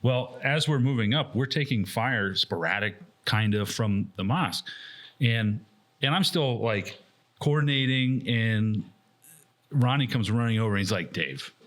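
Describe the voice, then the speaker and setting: A man's voice: medium pitch, a little slow, fairly bright tone. A man co-hosting a podcast, telling a story in casual chat. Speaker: podcast co-host.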